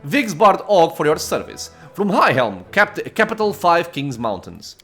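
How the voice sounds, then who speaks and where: A man voicing a proud male dwarf fighter who speaks in slow, clipped, guttural phrases, in a video game. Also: fairly high pitch, big pitch swings, fairly bright tone, faint music behind. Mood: gruff. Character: gruff male dwarf fighter, proud, terse broken speech.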